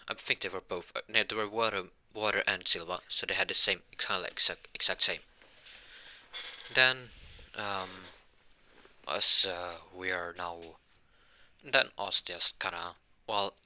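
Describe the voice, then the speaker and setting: A man's voice: low-pitched, normal speed, bright, forceful tone, no echo. A young man improvising a fan-fiction story aloud, rambling with many restarts and self-corrections.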